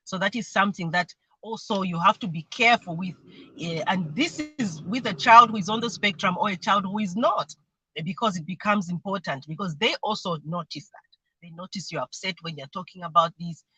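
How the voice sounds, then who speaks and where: A woman's voice: fairly low pitch, brisk, pushed and bright, slightly rough, dry recording, low-quality recording. A woman speaking earnestly as a mentee on a livestream, explaining her family routines and sometimes imitating voices when she quotes people. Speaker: mentee sharing her experience. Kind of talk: livestream conversation. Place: remote video call.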